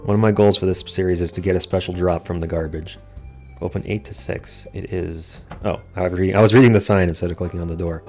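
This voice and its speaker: A man's voice: deep voice, steady tone, fast, warm tone, soft background music. A man giving casual, jokey let's play commentary with self-deprecating asides.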